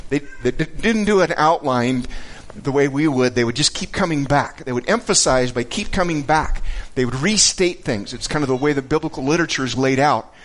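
A man teaching a Bible passage in a conversational way, earnest and halting, often repeating words as he searches for them. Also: medium pitch, animated, fairly bright tone.

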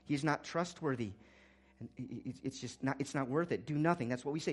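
A male pastor delivering a sermon with real fervor. His voice sits at a middle pitch, dropping low and soft for reflective points, then climbing loud and high to drive a message home. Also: fairly quick, husky. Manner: impassioned preaching, swinging from quiet to loud.

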